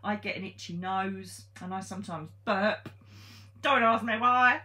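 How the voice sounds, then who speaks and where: A woman, a psychic medium, tells a ghost story to the listener. She talks casually and bluntly, with a pitch right in the middle and plenty of ums and swearing. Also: unhurried, pushed and bright. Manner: chatty and blunt, with frank swearing and many ums.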